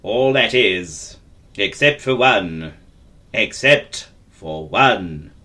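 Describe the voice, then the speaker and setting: A man voicing a stout, kindly male railway boss who talks gently and murmurs his hmms. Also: fairly low pitch, animated, extremely slow, voice pushed down, full character voice. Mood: solemn.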